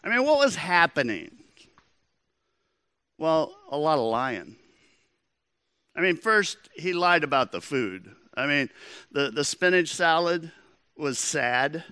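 A man's voice: fairly high pitch, expressive, takes it slowly, sharp tone, clean tone, no echo. A man preaching a sermon as pastor, in a conversational storytelling manner.

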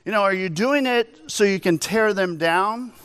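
A man preaching a sermon as pastor, animated, telling stories and asking rhetorical questions. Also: sits high, normal speed, smooth.

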